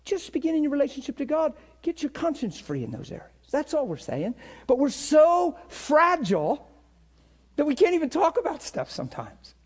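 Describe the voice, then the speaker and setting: Middle-aged male pastor, unusually high voice, fervent sermon delivery with big dynamic swings. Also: very animated, normal speed. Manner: impassioned preaching that swings between hushed and shouted.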